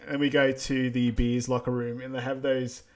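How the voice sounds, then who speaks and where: Relaxed male podcaster recapping a plot. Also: mid-range voice, moderate pace. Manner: relaxed, recaps plot with many ums and quiet laughs. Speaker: podcast co-host. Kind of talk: casual movie rewatch chat.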